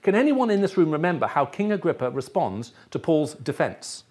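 Teaching in a sermon before a live audience, this middle-aged, English-accented man who grew up in the Middle East keeps checking in with his listeners. He sounds very animated and speaks fairly quickly, his voice fairly high in pitch with a darkish tone.

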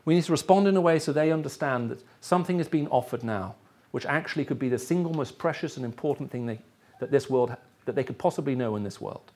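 A man's voice: mid-range voice, fast talker, darkish tone. A middle-aged man with an English accent, raised in the Middle East, preaching a sermon to a live audience and often checking in with his listeners. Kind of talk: sermon teaching.

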